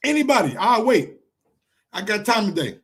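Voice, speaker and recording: A man with a strikingly high voice and a New York accent hosts a casual sports live stream. He rants in an animated way and keeps throwing rhetorical questions at his audience. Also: normal speed. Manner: animated, ranting, asks the chat rhetorical questions. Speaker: sports show host.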